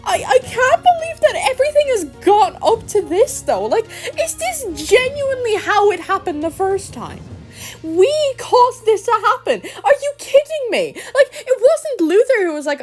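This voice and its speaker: A woman's voice: very high-pitched, very animated, normal speed, faint music behind. A young woman reacting with exasperated emotion to a story game, laughing often. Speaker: game streamer.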